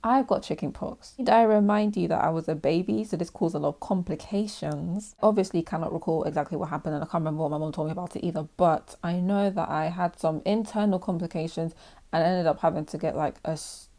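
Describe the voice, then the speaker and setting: Young woman, art vlogger, mellow low-ish voice, chatty, self-mocking storyteller. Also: quick pace. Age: young adult. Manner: chatty, self-mocking, laughs often, acts out quotes in a high voice. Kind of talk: casual chat while drawing.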